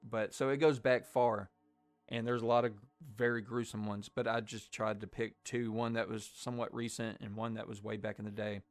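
Low-voiced man, Southern-Irish accent, under the weather. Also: flat delivery, normal speed, no echo, faint music behind. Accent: mix of Southern US and Irish. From Arkansas. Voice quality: low, slightly rough. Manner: blunt, profane, storytelling. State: under the weather, voice deeper than usual. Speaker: podcast host. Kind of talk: casual podcast chat.

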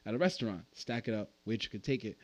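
A man appearing as a podcast guest launches into a wild, animated story, swearing a lot and acting out the dialogue in different voices. His voice is fairly low and darkish, expressive, and quick.

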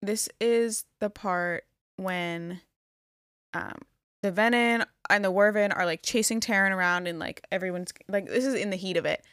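In a casual podcast chat, this young co-host rambles through a retelling packed with "like" fillers. Her mid-range voice is fairly bright and moves at a moderate pace, and the studio recording is clean with no room sound.

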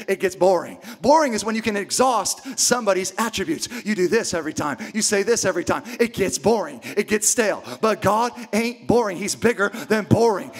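High-voiced pastor preaching with big swings. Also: male voice. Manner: emphatic preaching with repetition, swings from loud shouts to hushed near-whispers. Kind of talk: sermon.

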